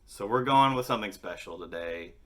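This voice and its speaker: Excitable, swearing male vlogger. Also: lowish voice, a little fast. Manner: excitable, swears constantly, jokey rants. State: voice worn from singing. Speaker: host of a daily music video series. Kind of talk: casual, profane vlog chat.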